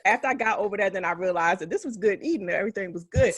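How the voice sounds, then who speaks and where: A woman's voice: mid-range voice, rapid-fire, husky, no room sound. Laughing storyteller woman, dry sound. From West Philadelphia. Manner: animated storytelling, laughs often, acts out quotes. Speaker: podcast co-host, physician. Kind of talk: casual chat.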